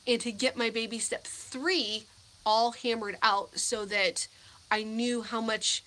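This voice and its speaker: A woman's voice: a little high, fairly even intonation, takes it slowly, pushed and bright. A woman in her thirties from the United States, chatting in a rambling, teary way on a live stream Q&A. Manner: rambling and emotional, with many restarts and fillers. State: teary, on the edge of crying. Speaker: vlogger hosting a live Q&A. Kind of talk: casual live-stream chat.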